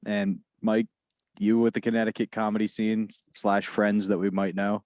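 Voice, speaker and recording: A man co-hosting a crude comedy podcast, setting up bits in a deadpan way. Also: on the low side, normal speed, no room sound, clean studio sound. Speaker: podcast co-host.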